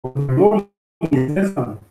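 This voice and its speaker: A man in a casual religious group discussion, telling a story haltingly with many fillers and frequent check-ins with his listeners. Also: mid-range voice, lively intonation, mellow, echoey room, faint music behind, low-quality recording. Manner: halting storytelling, many fillers, keeps asking "you understand?". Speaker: discussion participant.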